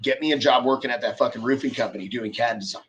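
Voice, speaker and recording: Profane, animated man telling stories. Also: medium pitch, fast talker, a little hiss or hum. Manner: profane, animated storyteller acting out quotes. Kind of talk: casual storytelling chat.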